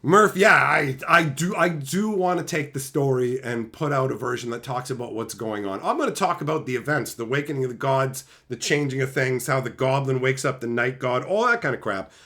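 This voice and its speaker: A man's voice: medium pitch, brisk, hardly any pauses, pushed and bright. A man hosting his own channel, ranting about stories in a heated, sarcastic, profane way. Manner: heated, sarcastic, swears constantly; mocking voices of imagined critics. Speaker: channel host. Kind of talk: profane opinion rant.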